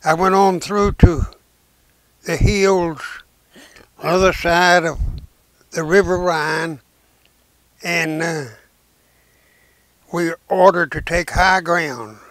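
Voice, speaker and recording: A man, a war veteran and preacher telling his memories slowly and haltingly in an interview, in folksy rural speech. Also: fairly high pitch, steady tone, fairly bright tone, no room sound. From Arkansas, United States. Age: 90s. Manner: slow, halting storytelling with many "uh"s and restarts.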